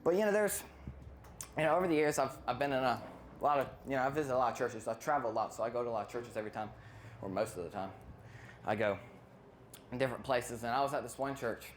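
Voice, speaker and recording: A stand-up comedian works through a routine in a voice of middling pitch. The delivery wanders, trails off and doubles back on itself. A faint hiss of noise sits under the voice. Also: fast, long pauses. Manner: rambling, loses place and self-interrupts.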